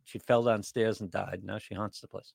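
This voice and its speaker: A man's voice: fairly low pitch, fairly even intonation, moderate pace, vocal fry, darkish tone, husky, no echo. A man co-hosting a podcast in casual chat, giving wry, dry reactions. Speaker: podcast co-host.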